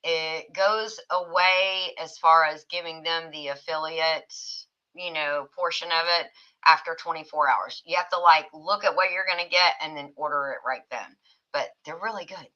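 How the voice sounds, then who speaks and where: A woman's voice: sits low, normal speed, pushed and bright, highs cut off. A woman hosting a casual livestream chat, reading viewer comments aloud and laughing often. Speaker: livestream host.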